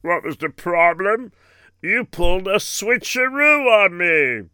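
A man's voice: sits high, lively intonation, takes it slowly, bright, forceful tone, clean tone, no echo, exaggerated voice. A man voicing a wary businessman who accuses the seller of swapping his goods. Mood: accusing. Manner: accusing, brushes off the other. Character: wary cheated male businessman.

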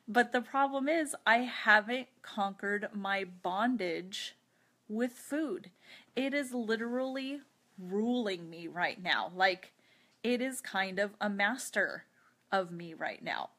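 A woman's voice: mid-range voice, lively intonation, slow, fairly bright tone. A woman hosting her own podcast, talking openly and earnestly about a personal struggle, with chatty asides and prayer, sounding teary after crying. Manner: earnest, open, chatty with light laughs. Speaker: podcast host. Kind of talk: personal confessional talk with prayer.

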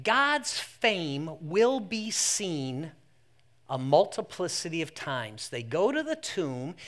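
A male pastor delivering a sermon, telling the story with lively acted-out voices and jokes for the congregation. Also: fairly high pitch. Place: church service held in an athletic center.

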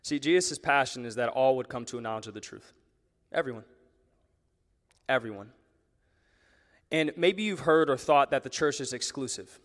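A pastor preaching a sermon to a church audience, talking in a lively, conversational way and leaning on rhetorical questions. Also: male voice, mid-range voice, normal speed, pauses often. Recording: long reverb of a large hall.

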